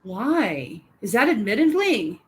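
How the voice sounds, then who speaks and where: A woman co-hosting a casual live-stream chat, animated and teasing, laughing often. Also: fairly high pitch, slow, rough recording.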